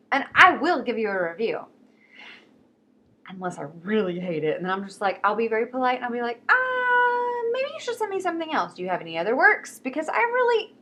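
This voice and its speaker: A woman talking casually and excitedly about books, quick and swearing freely. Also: mid-range voice. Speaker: book vlogger. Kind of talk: casual chat.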